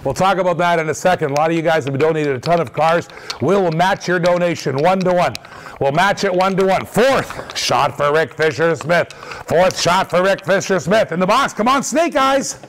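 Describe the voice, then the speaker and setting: A man hosting a live auction stream, calling out dice throws with energetic, repetitive hype patter. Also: fairly high pitch, normal speed.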